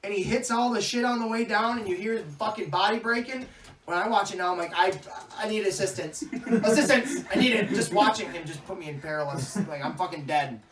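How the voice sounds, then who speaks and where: A young adult man co-hosting a podcast in casual, crude, joking chat, often breaking into loud mock voices. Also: sits high, quick pace. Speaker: podcast co-host. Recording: roomy echo, mic at a distance, faint music.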